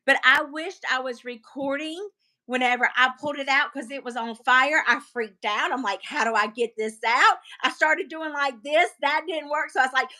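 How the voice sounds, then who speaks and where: A woman's voice: high voice, steady tone, normal speed, pushed and bright. A middle-aged woman from North Carolina with a Southern accent, chatting casually on a livestream and laughing often. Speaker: livestream host. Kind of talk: casual live chat.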